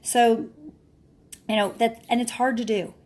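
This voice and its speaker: A woman's voice: on the high side, fairly even intonation, a little slow, a little mellow. A mother and wellness speaker talking casually to her followers in an earnest, encouraging way, often ending phrases with a questioning "right?". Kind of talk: casual live-video talk to followers.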